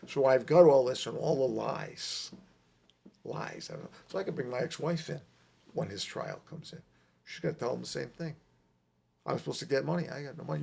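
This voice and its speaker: A middle-aged man telling a long personal story on a podcast, emphatic and animated, repeating his points. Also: medium pitch, a little fast, creaky, husky. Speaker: podcast guest. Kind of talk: casual storytelling.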